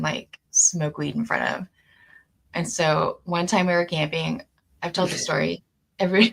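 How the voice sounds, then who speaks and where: Laughing woman telling a story, low voice. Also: gravelly. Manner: animated storyteller who laughs between lines. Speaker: co-host, tarot reader. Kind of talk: casual storytelling chat.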